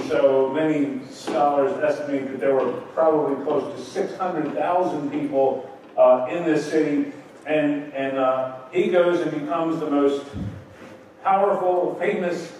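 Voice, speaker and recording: A man's voice: medium pitch, darkish tone, a little hiss or hum. A male pastor giving an evening sermon, teaching in a conversational way with rhetorical questions and acting out quotes. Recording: echoey room from a distant mic.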